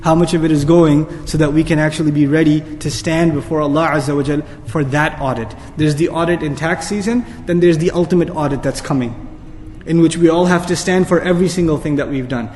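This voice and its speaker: A man's voice: fairly high pitch, steady tone, a little fast, a little mellow, in a large hall. A man giving an earnest sermon, asking the audience pointed rhetorical questions and pressing home his points. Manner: earnest, rhetorical questions, rising to emphatic peaks. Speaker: Islamic speaker.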